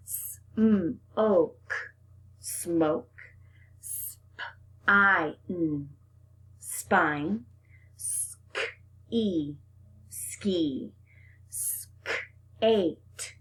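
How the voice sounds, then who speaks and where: A woman teacher leading a phonics lesson for young children, upbeat and sing-song, stretching out the sounds. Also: medium pitch.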